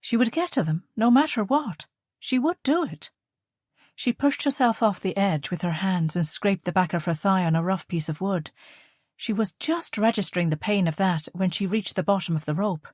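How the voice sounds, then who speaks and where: A woman reading audiobook narration in a measured, steady way on a close studio mic. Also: mid-range voice, no echo.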